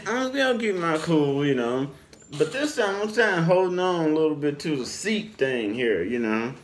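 A man telling a story casually and animatedly, with his voice rising and falling freely. His pitch sits a little above the usual male range, and he chuckles throughout the telling. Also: normal speed, slight background noise. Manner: animated, laughs often while telling. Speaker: storyteller vlogger.

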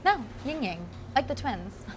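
A young woman playing an impulsive, excitable young woman who becomes a hitman's partner, talking in rambling, needling bursts. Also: high-pitched, measured pace, a little hiss or hum. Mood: coaxing, playful. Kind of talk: web series drama acting.

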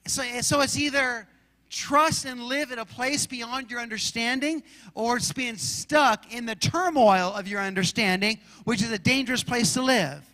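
A man from Arizona preaching a sermon as pastor, telling stories in an animated way and acting out shouts and roars. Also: very high-pitched, normal speed, big-room sound. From Arizona, USA.

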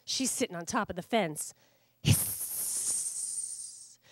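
Animated woman reading a children's book. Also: on the high side, normal speed, no room sound. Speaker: children's author. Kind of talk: storybook reading aloud. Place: public library.

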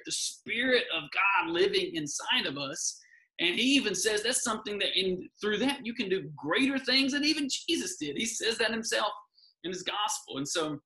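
A man's voice: high-pitched, sharp tone, rough recording. A man speaking as a guest in an earnest, encouraging faith talk, often repeating his key phrases.

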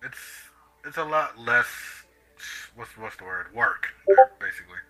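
A man's voice: medium pitch, expressive, measured pace, creaky, sharp tone, faint music behind, rough recording. Slangy young man on a new mic. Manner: slangy, laid-back, defensive. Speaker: friend in voice chat. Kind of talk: casual gaming chat. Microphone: new microphone over voice chat.

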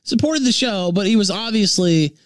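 A man from Memphis, ranting profanely on his livestream, jumping between shouts and low mutters. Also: lively intonation, normal speed, dry recording, clean studio sound. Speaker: livestream host.

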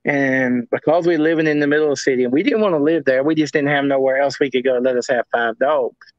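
A male guest tells stories in a rambling, casual way, often repeating himself. He talks fast in a mid-range voice, with no room sound and dull lo-fi audio.

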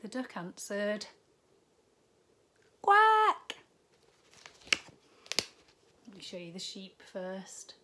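Woman teacher, storytime read-aloud for small kids, slow and gentle, faint background ambience. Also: medium pitch, fairly even intonation, slight background noise. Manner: gentle, unhurried, with asides to the children. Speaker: primary school teacher. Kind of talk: reading a picture book aloud to young children.

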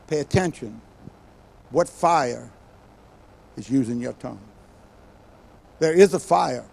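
An older man preaching a sermon as a guest speaker, telling stories with animated bursts and quiet asides. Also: a little high, creaky, husky. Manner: animated storytelling, acts out quoted voices with sudden loud bursts and quiet asides.

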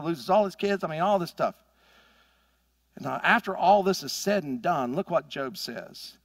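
A middle-aged pastor delivers his sermon with emphatic force, pushing his fairly high voice up into loud peaks before dropping into hushed asides. His voice sits close and dry, with almost no room sound around it. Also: expressive, moderate pace, dry recording. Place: church sanctuary.

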